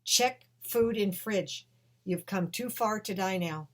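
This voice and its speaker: Woman putting on a commanding disembodied vision. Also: medium pitch. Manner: slow, loud, insistent pronouncements.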